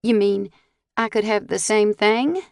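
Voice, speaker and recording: A woman's voice: mid-range voice, a little slow, vocal fry, a little mellow, no echo, clean studio sound, voice pushed up. A woman voicing a frightened young wife who keeps coughing and asks anxious questions. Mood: alarmed.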